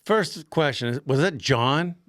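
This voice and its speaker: A man's voice: a little high, animated, unhurried, fairly bright tone, no room sound, studio quality. A man co-hosting a podcast, chatting casually, laughing easily and joking with his partner. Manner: laughs easily, playful banter. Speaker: podcast co-host. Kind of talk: casual chat.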